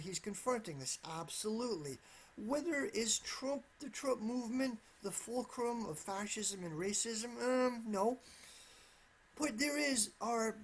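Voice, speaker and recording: A man with a high voice delivers solo political commentary, rambling and hedging in a careful tone. He keeps restarting sentences, repeats "absolutely," and stresses his points again and again. The recording has a slight hiss or hum.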